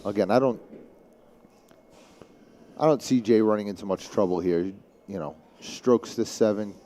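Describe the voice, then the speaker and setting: A man's voice: lowish voice, normal speed, warm tone. A man from Staten Island with a thick New York City accent, chatting and rambling as a guest commentator on live pool. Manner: chatty, rambling, with many restarts.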